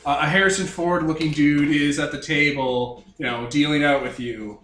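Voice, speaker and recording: Man, game master, wry rambling narration, higher voice, roomy echo, faint music. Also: steady tone, moderate pace, a bit bright. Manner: wry, rambling scene-setting. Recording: echoey room, from far off, music behind.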